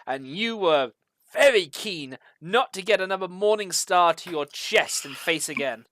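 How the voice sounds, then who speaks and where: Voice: medium pitch, expressive, measured pace, a bit bright. A game master running a tabletop game, describing the action in loose narration full of fillers.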